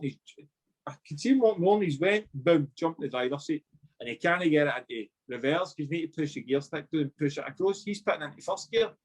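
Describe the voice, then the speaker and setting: A man's voice: fairly high pitch, slightly rough. A Scottish man, a former footballer, casually telling a story and acting out the voices of the people in it. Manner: animated, swearing, acts out dialogue.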